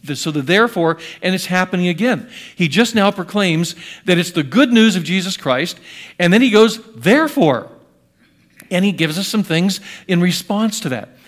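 A man in his sixties preaching a sermon in an earnest voice, rising to loud emphasis and dropping to hushed asides. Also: high-pitched, normal speed. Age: 60s. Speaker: pastor.

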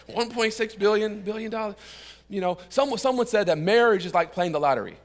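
A man's voice: high voice, fairly quick. A male pastor preaching a sermon in church, joking and telling stories, calling on the congregation to answer back. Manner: calls out to the congregation for responses; lively, joking storyteller.

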